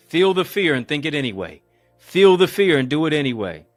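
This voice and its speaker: A male motivational speaker delivering a preaching-style speech, emphatic and rhythmic with lots of repetition, swinging between booming lines and hushed ones, calling his listeners family. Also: big pitch swings, a little fast, dry recording, faint music behind. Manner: addresses live viewers as family.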